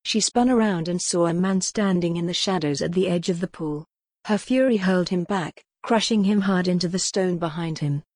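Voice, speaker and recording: Narrating a scripted gothic novel, this woman uses a dramatic yet measured delivery; her voice sits a little low and sounds a bit mellow. The close, dry recording carries no room sound.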